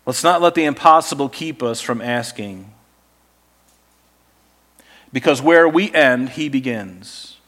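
Conversational male pastor preaching a sermon. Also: on the high side. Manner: conversational, animated storytelling preacher.

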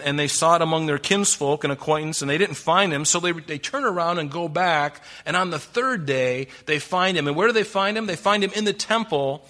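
A man preaching a conversational verse-by-verse sermon as a pastor, full of rhetorical questions and dropping into soft, low asides. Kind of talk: sermon, verse-by-verse Bible teaching.

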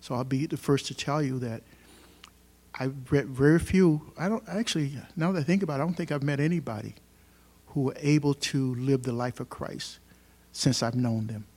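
A man preaches to a congregation in an easy, talking-to-you way. His medium-pitched voice climbs sharply when he stresses a word and settles back down between points. He keeps asking his listeners questions. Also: normal speed, a little mellow. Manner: conversational preaching with rhetorical questions and emphatic rises. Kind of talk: sermon. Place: church service.

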